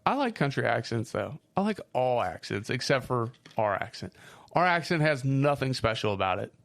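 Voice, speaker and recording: A man with a Midwestern accent chatting on a podcast, swearing easily as he tells stories. His voice sits at an ordinary middle pitch, and he talks loosely and casually. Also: moderate pace, vocal fry. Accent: Midwestern American. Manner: swearing storyteller, lively. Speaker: podcast co-host. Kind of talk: casual chat.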